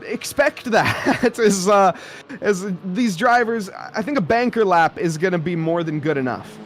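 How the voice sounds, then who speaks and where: A man's voice: sits high, lively intonation, unhurried, a little hiss or hum. A young man doing live sim racing commentary, rambling in a jokey, self-aware way.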